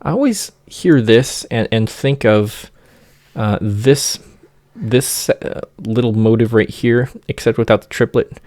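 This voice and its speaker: A man giving an informal music theory lecture, singing motifs in nonsense syllables and pausing often with fillers. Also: mid-range voice, darkish tone, dry recording, studio quality.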